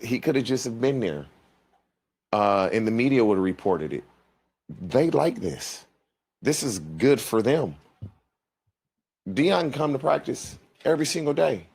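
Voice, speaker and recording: A man's voice: mid-range voice, very animated, a little slow, gravelly, pauses often, a little mellow, husky. A man on a sports talk panel, blunt and emphatic, laying out his opinions plainly. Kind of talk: sports talk show debate.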